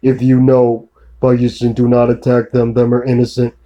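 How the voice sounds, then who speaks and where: A man's voice: medium pitch, monotone, moderate pace, warm tone, low-quality recording. Man, rambling solo rant, profane, repetitive, accusatory. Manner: profane ranting, constant filler tags; repetitive, accusatory, addressing an unseen woman.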